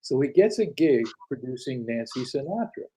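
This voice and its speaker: A man's voice: mid-range voice, sing-song, normal speed, mellow, breathy edge, rough recording. An older man telling anecdotes as an interview guest, acting out quoted dialogue with frequent restarts. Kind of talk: casual storytelling interview.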